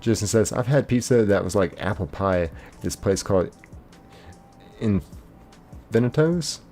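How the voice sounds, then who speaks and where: A laid-back young man hosts a live game stream in a loose, chatty manner, reading out comments and greeting viewers by name. His voice sits a little low and has a mellow, relaxed tone, with soft music playing underneath. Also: fairly quick. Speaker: livestream host.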